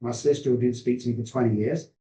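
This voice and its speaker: A man's voice: medium pitch, fairly even intonation, quick pace, mellow. Guy in his sixties telling his story, earnest and rambly, room echo on it. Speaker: addiction specialist guest. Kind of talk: emotional personal storytelling. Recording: roomy echo.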